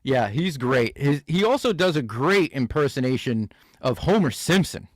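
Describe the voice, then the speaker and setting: A man's voice: mid-range voice, very animated, moderate pace, no room sound, clean studio sound. A man hosting a comedy reaction show, riffing sarcastically and laughing at clips. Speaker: host.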